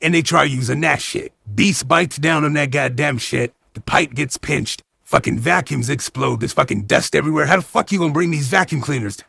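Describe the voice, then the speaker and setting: A man's voice: fairly high pitch, moderate pace, gravelly, few pauses, bright, forceful tone, breathy edge, no room sound, clean studio sound. A man doing a profane, slangy comedy recap of a movie, with mock-outraged asides.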